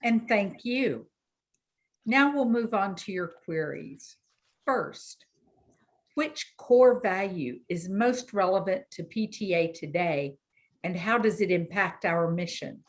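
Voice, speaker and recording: A woman moderating candidate speeches, reading questions in a measured, procedural way. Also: mid-range voice. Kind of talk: formal moderation.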